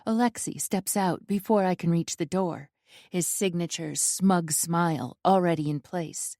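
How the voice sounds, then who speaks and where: A woman reads a first-person romance audiobook in a slow, mellow voice, her delivery intense and emotional. She sits a little low in pitch, and the sound is close and dry. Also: gravelly, no room sound. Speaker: audiobook narrator.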